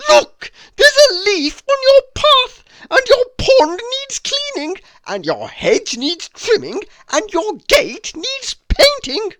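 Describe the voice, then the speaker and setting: A man voicing a bossy, fussy little storybook man who nitpicks in a shrill, loud voice. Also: wildly swooping pitch, takes it slowly, hardly any pauses, no room sound, exaggerated voice. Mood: bossy scolding.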